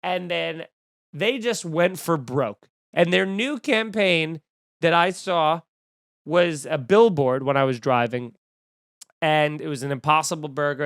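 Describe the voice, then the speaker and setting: Snarky high-voiced male comedian, crisp and dry. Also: fairly bright tone, no echo. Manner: snarky, riffing, acts out quoted voices. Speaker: comedian podcast host. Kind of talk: casual comedic rant.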